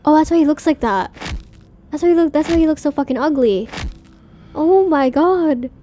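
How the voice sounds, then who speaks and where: A woman's voice: high-pitched, lively intonation, fast talker, warm tone, a little hiss or hum. Playful young woman gaming streamer. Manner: playful, reactive, swears and laughs. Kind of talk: let's play, reading game text aloud.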